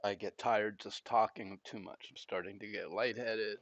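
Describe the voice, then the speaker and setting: A gaming channel host talks casually while playing a video game, audibly out of breath, rambling and frank with frequent fillers and restarts. His voice sits on the low side, fairly bright, with fairly even intonation and normal speed. The recording has no room sound and the highs are cut off.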